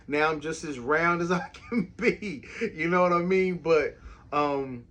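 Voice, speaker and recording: A middle-aged man hosting a casual faith podcast from his home basement, speaking in a reflective, halting way with frequent restarts. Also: medium pitch, a bit bright. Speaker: podcast host.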